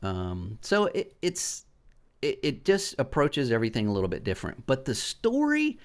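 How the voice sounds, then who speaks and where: A man's voice: mid-range voice, wildly swooping pitch. A middle-aged man hosting a casual gaming podcast, telling rambling stories with swearing and lots of restarts. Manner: rambling, profane storyteller; halting restarts and fillers. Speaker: podcast host.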